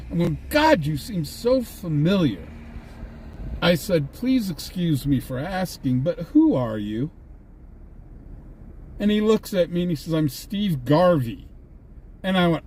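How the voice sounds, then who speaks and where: Sitting in a vehicle, a livestream host who chases scanner calls casually tells anecdotes and laughs at his own stories. His voice is on the high side and a little mellow. Faint vehicle and ambient noise sit in the background.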